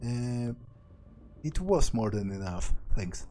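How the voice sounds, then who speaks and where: A man's voice: fairly low pitch, measured pace, dark tone, a little hiss or hum, low-quality recording. A man reading a visual novel aloud as a let's play narrator, doing every part in his own voice and stumbling over words now and then. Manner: reads every part in his own voice, with small slips and restarts.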